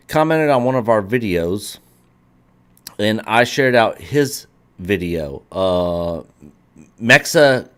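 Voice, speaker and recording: Earnest low-voiced man, halting speech. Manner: earnest, halting, repeats words. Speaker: livestream host. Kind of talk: casual livestream chat.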